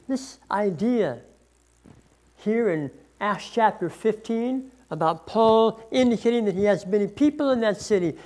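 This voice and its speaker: A preacher delivering a sermon at an unhurried, measured pace, pausing between phrases. Scripture is read aloud with weight and stress on key words, and the voice sits at a middling pitch. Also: animated, a little mellow. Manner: slow, deliberate preaching, reading scripture aloud with emphasis. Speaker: pastor.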